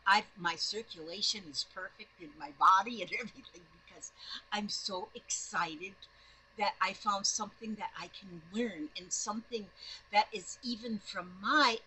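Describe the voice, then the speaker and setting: A woman from northern Minnesota chatting casually to camera from her home, excitable and rambling, often restarting her sentences. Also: medium pitch, breathy edge, poor audio. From northern Minnesota, USA. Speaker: doll-making vlogger. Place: home in Florida.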